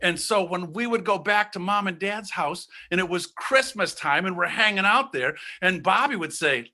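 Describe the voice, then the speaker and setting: A man from Ohio telling a personal story as a guest storyteller, animated and acting out the voices of the people in it. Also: sits high, normal speed, few pauses. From Ohio, USA.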